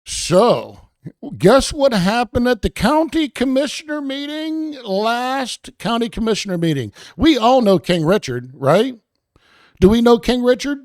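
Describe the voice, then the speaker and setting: A man's voice: very high-pitched, big pitch swings, a little slow, darkish tone, no room sound, clean studio sound. A man hosting a show with rambling, sarcastic commentary, meandering and talking to his chat. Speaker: show host.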